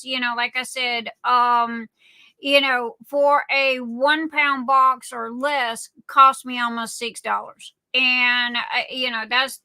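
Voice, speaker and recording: A woman's voice: sits high, pushed and bright, dry recording. A woman with a Southern accent hosting a casual livestream, rambling and chatty as she greets viewers by name with endearments like darling and sweetheart. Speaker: livestream host.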